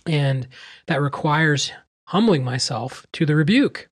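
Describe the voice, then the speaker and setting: Earnest man with a higher voice. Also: animated, unhurried, slightly rough, dry recording, clean studio sound. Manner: earnest, personal, thoughtful. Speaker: podcast co-host and teacher. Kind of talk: reflective podcast discussion.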